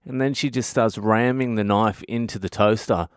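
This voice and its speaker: A man's voice: mid-range voice, fairly even intonation, normal speed, few pauses, smooth, dry recording, clean studio sound. A man with an Australian accent, a comedian hosting his own podcast and telling rambling, profane stories in a casual monologue.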